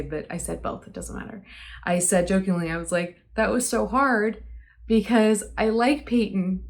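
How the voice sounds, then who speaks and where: A young woman telling her side of a falling-out in a personal vlog, earnest and hesitant with many pauses. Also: mid-range voice. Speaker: vlogger.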